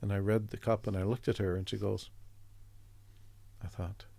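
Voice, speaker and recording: A middle-aged man from Canada, an artist guest telling a story in a chatty, relaxed way, acting out the voices of the people in it. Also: fairly low pitch, normal speed, creaky, husky, no room sound. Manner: chatty, acts out quoted voices, chuckles often.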